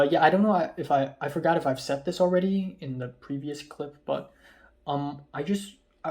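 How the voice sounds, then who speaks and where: Young male vlogger, slightly high voice, rambling and self-deprecating, lots of ums. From Hong Kong. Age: young adult. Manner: rambling, repeats himself, many ums; self-deprecating, laughs at himself. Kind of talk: casual vlog storytelling.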